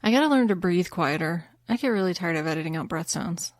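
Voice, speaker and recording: A woman's voice: fairly low pitch, lively intonation, fast, loud music behind the voice. A woman hosting a podcast in casual chat, chatty and self-deprecating. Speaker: podcast host.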